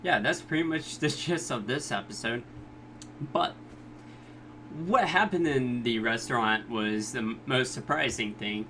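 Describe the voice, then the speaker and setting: A man's voice: medium pitch, measured pace, sharp tone, slight background noise. A man casually recapping an anime episode as a reviewer, laid-back and chuckling. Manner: laid-back, chuckling, slips into exaggerated quoted voices.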